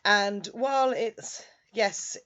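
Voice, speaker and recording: A woman's voice: mid-range voice, slow pace, a bit bright. A woman chatting casually through a frank review, peppering her talk with "like". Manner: chatty, frank, heavy use of "like". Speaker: anime reviewer.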